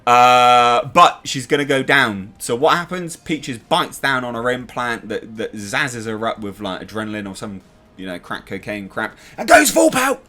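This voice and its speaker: A man's voice: mid-range voice, normal speed, sharp tone. An English man hosting a TV review channel, talking casually and animatedly, swearing now and then and making sound effects. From England.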